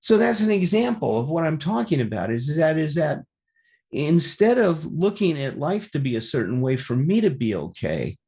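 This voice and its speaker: A man's voice: fairly high pitch, big pitch swings, moderate pace, a little mellow. A man telling a personal story in a candid, conversational way, turning it into a reflective lesson.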